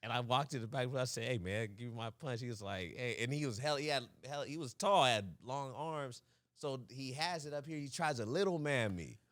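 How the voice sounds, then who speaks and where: A young man co-hosting a podcast, telling a story in casual chat, animated and laughing often, acting out voices. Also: medium pitch, fairly quick, no room sound, studio quality. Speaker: podcast co-host.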